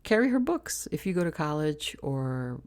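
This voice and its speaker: A woman's voice: deep voice, big pitch swings, normal speed, darkish tone. A woman chatting to camera with opinionated dating advice, counting off a numbered list. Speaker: vlogger giving dating advice. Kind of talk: casual talk to camera.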